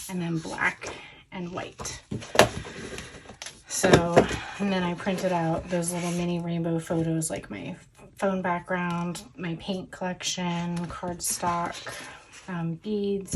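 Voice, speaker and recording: A woman's voice: on the low side, noisy background. A woman casually talking through her scrapbook plan, chatty and full of little self-corrections, recorded at home at a crafting table. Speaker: scrapbooking vlogger.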